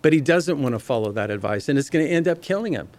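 A man's voice: on the high side, lively intonation, quick pace, a little mellow. A man preaching a Bible teaching sermon. He reads passages aloud and explains them in a conversational way, speaking directly to his listeners. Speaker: pastor.

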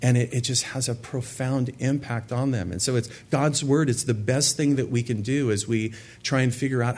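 A man gives a sermon with a slightly husky, breathy voice at a middle pitch. He preaches earnestly to a congregation and repeats words for emphasis. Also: moderate pace, darkish tone. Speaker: pastor. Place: church sanctuary with a live congregation.

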